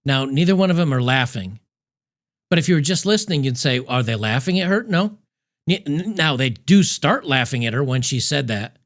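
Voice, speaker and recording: A man's voice: fairly high pitch, expressive, moderate pace, fairly bright tone. A man hosting a reaction commentary on a video clip, speaking with emphatic, mocking scorn. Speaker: commentary host.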